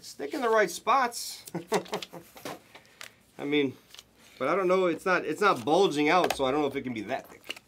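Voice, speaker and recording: A man hosting a live card break, calling out pulls to viewers with excited, hyped commentary and the odd swear. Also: fairly high pitch, moderate pace, long pauses, a little hiss or hum.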